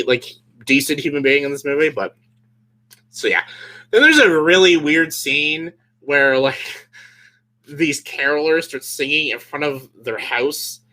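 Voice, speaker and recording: Animated sarcastic young man ranting. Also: fairly high pitch. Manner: sarcastic, fills speech with "like", laughs often. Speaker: movie reviewer vlogger. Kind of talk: casual comedic movie rant.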